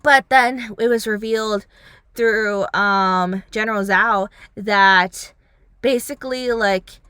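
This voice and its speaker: A woman's voice: mid-range voice, takes it slowly, clean tone, no room sound, clean studio sound. A young woman vlogger reviewing a series in a rambling casual chat, full of "like" and "um", acting out lines as she goes. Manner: rambling, heavy on fillers like "like" and "um"; animated, acts out characters' lines.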